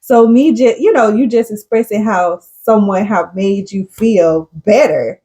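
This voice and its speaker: A woman's voice: medium pitch, a little slow, dark tone. A woman co-hosting a casual chat podcast, talking earnestly and effusively and laughing often. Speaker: podcast co-host.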